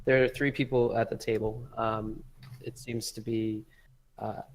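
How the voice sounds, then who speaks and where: Young male game master, gravelly, relaxed and rambling. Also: on the low side, unhurried, poor audio. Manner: casual, filler-heavy narration. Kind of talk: narrating a tabletop game.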